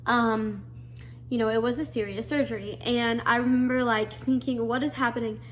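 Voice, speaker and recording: A woman's voice: on the high side, fairly even intonation, normal speed, a little hiss or hum. Earnest young woman telling her story. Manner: earnest, emotional, many fillers and restarts. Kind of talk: personal storytelling.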